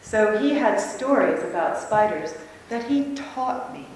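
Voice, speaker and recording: A woman speaker tells a lively, laughing story to a conference audience. Her voice rings through a big echoey hall, picked up from a distance. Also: medium pitch, a little slow, a crowd in the background. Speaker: convention speaker. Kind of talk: talk to a live audience.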